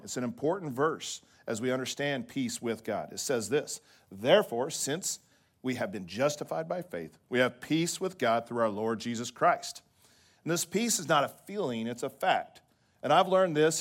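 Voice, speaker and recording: Speaking at a medium pitch, a pastor preaches animatedly to his flock, tossing in "right?" to check in. Occasionally he turns quiet and soft to drive a point home.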